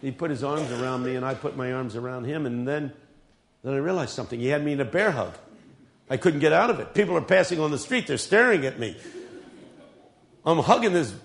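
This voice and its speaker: A man's voice: fairly high pitch, gravelly. A male preacher delivering a dramatic sermon, telling stories with humor.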